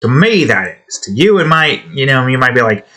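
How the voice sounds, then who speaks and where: A bright, clear-toned man in a mid-range pitch, talking to himself as he works on a hobby game. He rambles and swears, addresses the objects on his screen as if they could hear, and slips into a joking redneck drawl. The delivery is loose, unscripted commentary. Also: very animated, moderate pace. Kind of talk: casual commentary while building a game.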